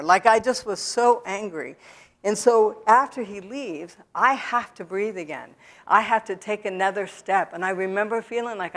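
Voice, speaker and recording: A woman's voice: medium pitch, moderate pace, a bit bright. A woman speaking in a church, telling her personal recovery story in a candid way, with many restarts and fillers. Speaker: speaker giving a testimony. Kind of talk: personal testimony talk.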